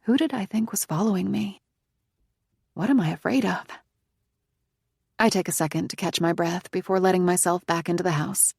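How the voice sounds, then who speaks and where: A woman narrating a psychological thriller audiobook in the first person, in a tense, hushed manner. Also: on the low side, moderate pace, creaky, long pauses, slightly rough, no room sound, studio quality.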